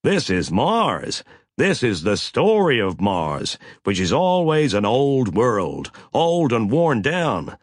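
A husky-voiced man voicing an excitable, imaginative male explorer in an audiobook. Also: a little high, slow pace, no room sound, clean studio sound, voice pushed up, full character voice. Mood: wry. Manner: excited, incredulous.

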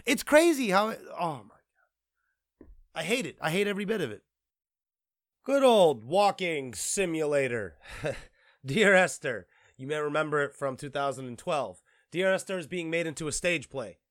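A man's voice: on the high side, a bit bright, no echo, clean studio sound. A man hosting a gaming commentary show, ranting casually and profanely with lots of restarts.

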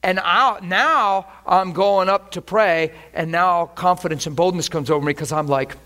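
A man preaching a sermon, telling a personal testimony in an animated way, often laughing as he speaks. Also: high voice, normal speed. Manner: animated, laughing testimony with sudden shifts between hushed and excited. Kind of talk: sermon storytelling.

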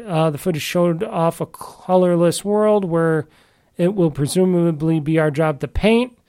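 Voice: mid-range voice, dark tone. A podcast host in a casual solo chat about games, rambling and often restarting sentences, with an offhand, mildly grumbling manner.

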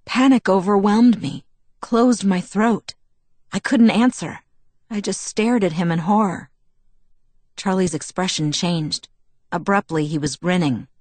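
A woman reading a story aloud in first person, in even, measured narration. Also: medium pitch, no room sound. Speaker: audiobook narrator.

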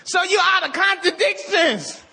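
Preacher putting on a ranting anti-Santa blogger, man, high and shrill, bright, shouting, mock outrage. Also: measured pace, gravelly, exaggerated voice. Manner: shouting, laughing, high-pitched mockery. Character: ranting adult male anti-Santa blogger, mocking and indignant.

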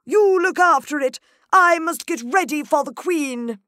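A grumpy, rough-mannered storybook duchess, as a woman puts her on, brusque and loud. The voice is high and swooping, stretched out slowly, and recorded dry and close. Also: animated, dry recording, heavily acted. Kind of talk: storybook character voice.

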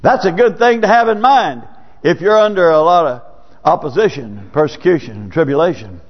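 A man with a slightly high, animated voice preaches briskly in a church, speaking in a folksy, conversational style punctuated by sudden rises. The church recording sounds dull and lo-fi, with long reverb.

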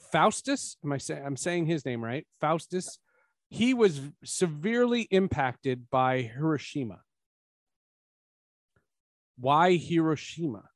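A man hosting a podcast, chatting casually about a film and rising to emphatic, animated points. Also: medium pitch, dry recording. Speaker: podcast host. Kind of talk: casual film review chat.

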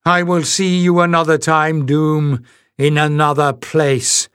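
A male narrator puts on a withered old woman in the grip of some evil force, croaking and hissing each word from a thin, strained throat. The voice sits high and the words drag slowly. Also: flat delivery, fairly bright tone, no room sound, studio quality. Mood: menacing. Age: older. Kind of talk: audiobook character voice.

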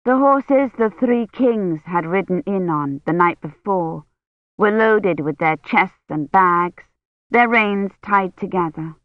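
A woman reading a novel aloud as audiobook narrator in a measured, even way. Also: medium pitch, no echo. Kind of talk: scripted narration. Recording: dry, dull lo-fi audiobook recording.

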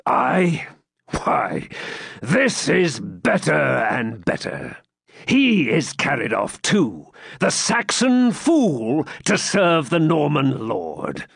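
A man's voice: fairly high pitch, wildly swooping pitch, drawn-out words, vocal fry, fairly bright tone, husky, no echo, clean studio sound, heavily acted. A man voicing a proud, bitter old Saxon lord who speaks with indignant declamation in an audiobook reading.

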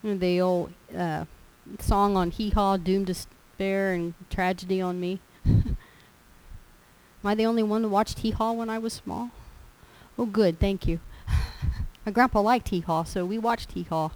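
A woman's voice: medium pitch, fairly even intonation, measured pace, a little mellow, clean tone, poor audio. A woman preaching a sermon in a folksy, storytelling way. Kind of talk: sermon with personal stories.

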